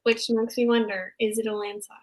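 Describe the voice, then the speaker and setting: A young woman, co-hosting a casual recap chat in an excitable, animated way. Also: fairly high pitch, brisk, rough recording. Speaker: podcast co-host.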